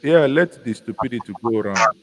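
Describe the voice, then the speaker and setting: A Nigerian man with a Nigerian accent joins a casual live discussion as a guest commentator, musing and halting with many restarts. His medium-pitched voice is animated, and the rough recording carries faint background noise.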